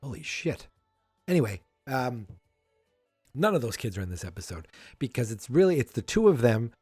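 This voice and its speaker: A man's voice: mid-range voice, big pitch swings, normal speed, darkish tone, husky, no room sound, soft background music. Chatty man recapping a sitcom. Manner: rambling, chatty, with many fillers and wry asides. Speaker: podcast host. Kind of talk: casual episode recap.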